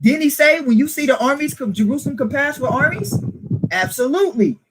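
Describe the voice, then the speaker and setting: Man, high voice, emphatic informal preaching, rhetorical questions, light background noise. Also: lively intonation, brisk. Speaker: teacher. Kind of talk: informal preaching to a small group.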